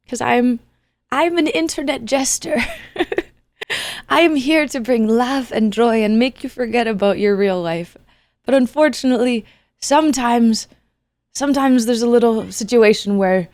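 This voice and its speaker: A woman's voice: fairly high pitch, a little slow, pauses often, dry recording. A woman streamer talking earnestly and casually to her chat, rambling and soothing with the odd joke.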